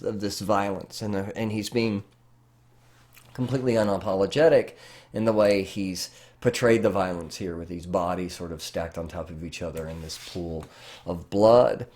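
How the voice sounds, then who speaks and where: A man's voice: fairly low pitch, darkish tone. A middle-aged man lecturing on art history, talking through slides with many fillers and restarts. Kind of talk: recorded lecture.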